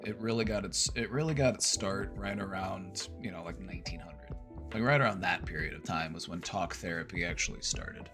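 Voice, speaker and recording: A man's voice: low voice, brisk, over music. A man hosting a mental health Q&A in a casual, chatty way, with many fillers and laughs at his own jokes. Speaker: host answering viewer questions. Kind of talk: casual chat.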